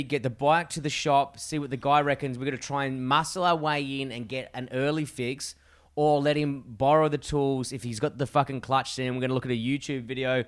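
A man's voice: medium pitch, smooth. Australian man, swearing storyteller. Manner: swearing, storytelling, animated retellings. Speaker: podcast co-host. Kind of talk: casual chat.

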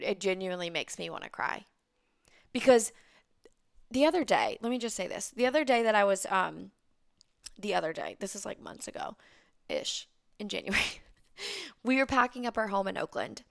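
A woman's voice: medium pitch, gravelly, a bit bright, clean tone. A woman in her thirties hosting a podcast, giving a candid, heartfelt motivational monologue and swearing freely. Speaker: podcast host and business coach.

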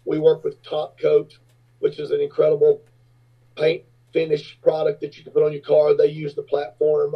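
Speaking with a husky, somewhat high male voice, a rock singer turned businessman tells stories as a guest in a relaxed interview. He's a lively narrator who puts on high, squeaky voices for the people he describes. The sound quality is flat and lo-fi.

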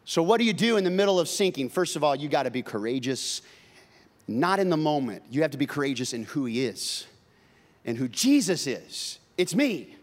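A male pastor preaching a sermon, conversational and humorous with emphatic swings from loud to soft. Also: on the high side, animated, brisk.

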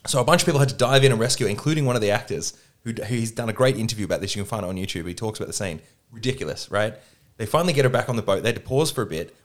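A man, a producer guest on a podcast, telling animated anecdotes and acting out quotes in casual chat. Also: on the low side. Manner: lively anecdotes with acted-out quotes.

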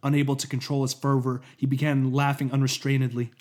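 A man co-narrating a science-fiction story in an expressive reading. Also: medium pitch, fast.

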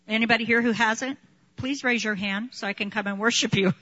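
Lively, bright-voiced woman preaching. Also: fairly high pitch, fairly quick, lo-fi sound. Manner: animated, laughing often, acts out quotes. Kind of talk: sermon with personal testimony.

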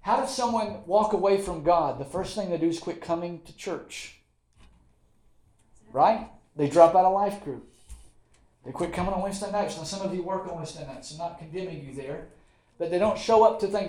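High-voiced folksy Southern preacher, echoey church. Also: male voice, a little mellow. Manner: folksy preaching, repeats phrases, quick asides and chuckles. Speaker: pastor. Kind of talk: sermon. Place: church sanctuary. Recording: roomy church echo.

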